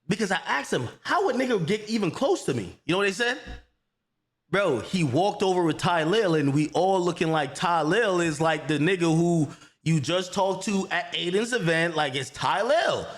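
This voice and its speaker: A man hosting a livestream, telling a heated story in an animated, profane, repetitive way. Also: on the high side, moderate pace. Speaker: livestream host.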